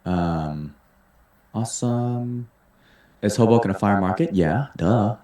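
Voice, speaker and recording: A man's voice: on the low side, slow pace, long pauses, dark tone. A man hosting a live webinar, reading out audience questions and answering them in an upbeat, salesy way. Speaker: webinar host and mentor. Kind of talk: casual webinar Q&A. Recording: roomy echo.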